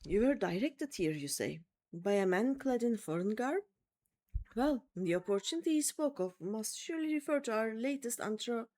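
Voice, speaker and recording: A woman's voice: mid-range voice, warm tone. A woman voicing a pompous male scholar who leads an archaeological expedition, reading the game lines aloud in a formal, stilted manner.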